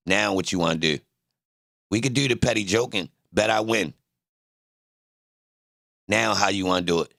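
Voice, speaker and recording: A young man with a Baltimore accent and a very gravelly, fry-heavy voice talks to his stream chat. He trash-talks and brags. The sound is close and dry, with no room around it. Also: mid-range voice, a bit bright, dry recording. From Baltimore, Maryland. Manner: boastful, trash-talking with the chat. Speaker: livestream host. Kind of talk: casual livestream chat.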